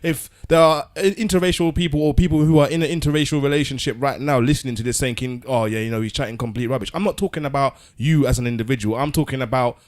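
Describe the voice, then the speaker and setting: A man's voice: mid-range voice, steady tone, fast, hardly any pauses, darkish tone. An earnest man argues his point on a podcast. He often stumbles and restarts words as he builds his case in casual discussion. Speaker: podcast co-host.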